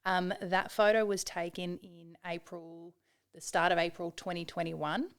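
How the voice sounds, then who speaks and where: A woman's voice: lowish voice, little pitch movement, measured pace, smooth. Earnest Australian woman telling her story. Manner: earnest and reflective, with frequent "um"s and restarts. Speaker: podcast guest. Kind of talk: candid personal storytelling.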